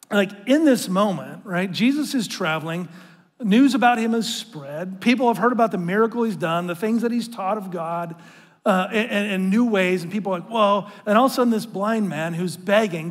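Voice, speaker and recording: A male pastor preaching a sermon in an earnest, conversational way, often restarting his phrases and calling the congregation to read along with him. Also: high-pitched. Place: church sanctuary. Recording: long reverb of a large hall.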